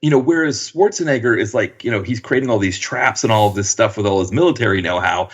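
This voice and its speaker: A man's voice: fairly low pitch, quick pace, husky, lo-fi sound. A man co-hosting a podcast, enthusiastically retelling movie scenes and acting out the lines. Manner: enthusiastic, acts out quoted lines. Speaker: podcast co-host. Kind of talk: casual movie chat.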